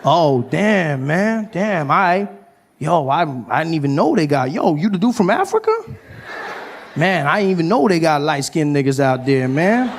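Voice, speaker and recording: A man playing an excitable young male comedian who stammers and repeats filler words. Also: mid-range voice, a little slow, lightly acted. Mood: excited.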